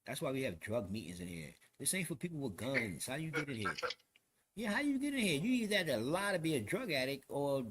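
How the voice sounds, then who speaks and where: Animated New York man telling stories. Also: mid-range voice, fast, few pauses, background noise. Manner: animated, profane, street slang, acts out quotes. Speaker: podcast host. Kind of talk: casual storytelling chat.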